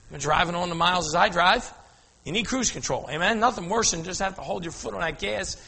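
A man preaching a storytelling sermon, animated, calling out to the congregation for an amen and telling them to watch. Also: high voice, a little fast, gravelly, a little hiss or hum. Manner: animated, asks the crowd "Amen?", often says "now watch". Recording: long hall reverb.

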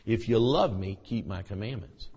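A middle-aged male preacher giving a sermon, swinging between hushed near-whispers and loud shouted preaching. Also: lowish voice, moderate pace, breathy edge. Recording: dull lo-fi recording with long hall reverb.

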